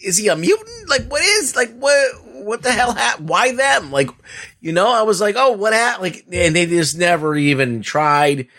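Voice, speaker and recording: A man's voice: high voice, lively intonation, moderate pace, pushed and bright. A man co-hosting a casual movie review podcast, exasperated, swearing and filling his speech with "like". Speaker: podcast co-host.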